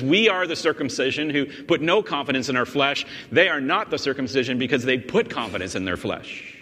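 A man's voice: medium pitch, a bit bright. A man preaching a sermon as pastor, explaining a text in an emphatic way and often restarting and repeating words. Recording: long reverb in a large hall.

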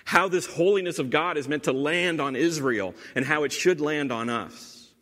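A man's voice: fairly high pitch, moderate pace, a bit bright. A man preaching a teaching sermon, explaining scripture with repeated emphasis and dry asides. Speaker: pastor. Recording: long hall reverb.

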